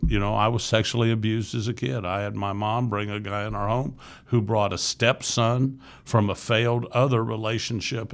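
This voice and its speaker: A man in his sixties from Florida, telling his life story as a podcast guest in an earnest, candid way, with frequent restarts. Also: lowish voice. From Florida, USA. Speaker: podcast guest, youth ministry leader. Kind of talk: casual interview storytelling.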